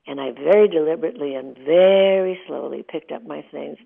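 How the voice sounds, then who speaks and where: Older woman, eighties, low gravelly voice, emotional storyteller, tinny phone line. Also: a little fast. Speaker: interview guest. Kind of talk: candid storytelling interview.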